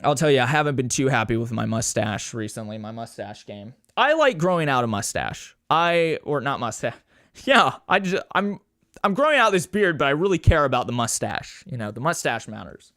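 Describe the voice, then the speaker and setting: A young man with a lively, mid-range voice rambles at a moderate pace while hosting a casual solo podcast. He swears, mocks himself, and animatedly imitates people with a raised voice, recorded in studio quality with no echo.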